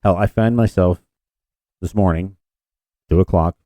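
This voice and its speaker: A man's voice: low voice, unhurried, dark tone, dry recording. A man co-hosting a podcast in casual chat, rambling and self-deprecating with frequent restarts. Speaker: podcast co-host.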